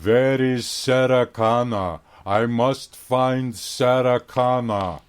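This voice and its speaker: A man doing a mock-German Terminator impression, slow, flat and deliberately menacing, within a story he narrates. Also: medium pitch, smooth, close to an everyday voice.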